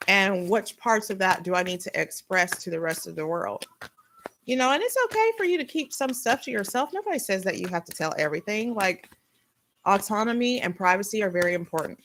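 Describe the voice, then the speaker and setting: A young adult woman giving a casual spiritual tarot reading, blunt and animated, swearing freely as she talks. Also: mid-range voice, slight background noise, low-quality recording. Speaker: tarot reader.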